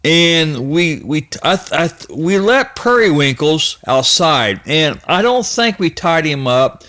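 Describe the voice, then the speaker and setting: A man in his fifties from the Ohio-Kentucky area, a channel host, tells a personal story in a fairly high, very animated, bright and forceful voice. His folksy, nostalgic telling rambles and halts, stopping and restarting often.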